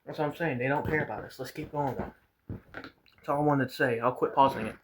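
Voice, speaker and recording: Vlogger guy, rambling rant, repeats himself, middle pitch, plain delivery. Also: brisk, background noise. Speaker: vlogger reacting to a video. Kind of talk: casual ranting commentary.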